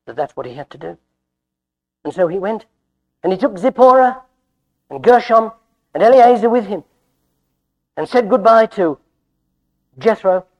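A man preaching a folksy sermon, telling the story with animated, stammering restarts. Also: sits high, gravelly.

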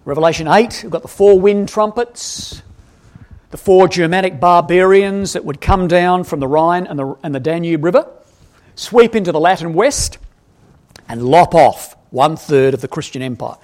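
A man's voice: a little high, normal speed. A man preaching an expository Bible lesson, quizzing his audience and correcting himself as he goes. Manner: animated, asks the audience questions, self-correcting.

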